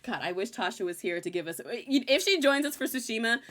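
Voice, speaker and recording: A young woman hosting a relaxed recap chat, her voice sitting a little high. She talks playfully and breaks into laughter often. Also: fairly quick. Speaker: podcast host.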